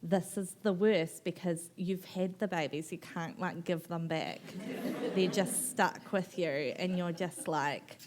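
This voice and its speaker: A low-voiced woman tells her own story on stage to a live audience. She is frank and lively, laughs often, swears without apology and slips into the voices of the people she quotes. She sounds like a writer in her thirties talking straight from experience. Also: slow. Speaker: author guest at a book festival. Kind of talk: on-stage conversation, personal storytelling.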